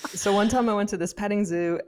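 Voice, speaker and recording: A woman's voice: mid-range voice, fast talker. A woman co-hosting a podcast, telling stories in casual chat and laughing often. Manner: laughs often, storytelling with restarts. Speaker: podcast co-host.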